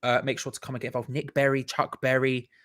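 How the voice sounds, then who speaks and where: A man's voice: medium pitch, completely flat delivery, quick pace, fairly bright tone. A man, hosting a live stream in an upbeat, chatty way and reading out viewers' comments. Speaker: host.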